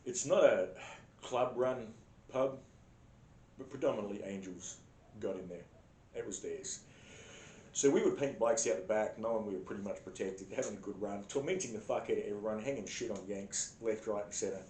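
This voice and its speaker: A man's voice: moderate pace, a little mellow. An Australian man telling a crude comedic story in a blunt, sarcastic, heavily profane way. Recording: echoey room with faint rumble.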